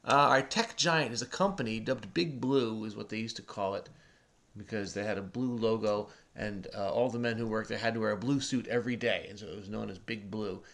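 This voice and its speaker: A man's voice: fairly low pitch, brisk, vocal fry, a bit bright. A man hosting a crossword video, patiently and chattily explaining the clues to a child who does the typing. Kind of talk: casual explaining to a kid while solving.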